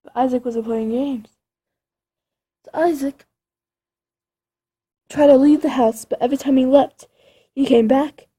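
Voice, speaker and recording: Slow, husky woman telling a spooky tale. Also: sits high, fairly even intonation, warm tone. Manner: rambling, dramatic with creepy asides. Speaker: storyteller. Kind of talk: improvised spooky storytelling.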